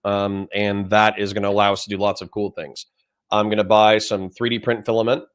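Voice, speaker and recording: A man's voice: on the low side, little pitch movement, a little fast. A man hosting a casual livestream, chatting in a rambling, self-deprecating way while still sleepy and yawning. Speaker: livestream host.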